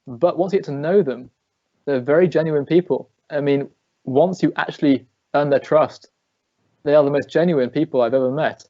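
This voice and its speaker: A man's voice: on the high side, moderate pace, warm tone, no echo, muffled recording. A man in his thirties from England, a ballet dancer answering interview questions in a chatty, storytelling way with frequent restarts. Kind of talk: remote interview conversation.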